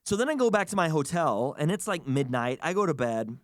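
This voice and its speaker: A man hosting a podcast tells a long story in a lively, animated way, with his pitch swinging high and low. He sits a bit high in pitch for a man and plays out the voices of the people he quotes. The recording is close and dry. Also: a little fast, no echo. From United States. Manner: animated, chatty, acts out quotes. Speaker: podcast host. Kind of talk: casual storytelling.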